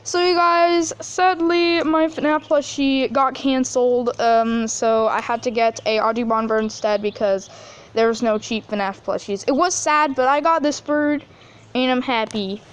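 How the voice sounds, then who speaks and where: A woman's voice: a little high, a little slow, smooth. A teenage girl in a casual unboxing video, gushing and chatty with lots of fillers. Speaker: vlogger.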